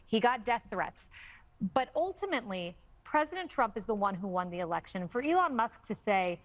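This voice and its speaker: A woman commenting on cable news in an assertive, measured way. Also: fairly high pitch, very animated.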